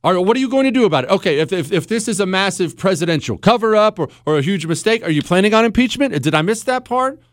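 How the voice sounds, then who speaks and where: Blunt, lively-pitched male radio host. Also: quick pace, few pauses, dry recording, studio quality. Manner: blunt, sarcastic, animated. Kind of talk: talk radio monologue. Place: radio studio. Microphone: studio microphone.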